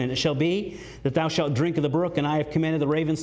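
Man, pastor, sermon, emphatic preaching, fairly high voice, shifts toward and away from the mic. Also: fairly even intonation, fast, few pauses, a little mellow. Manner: emphatic preaching, swinging between high and low pitch.

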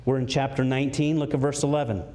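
A man preaching a sermon, emphatic and swinging from high, raised lines to low, quiet ones. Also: fairly even intonation, fast talker. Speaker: pastor.

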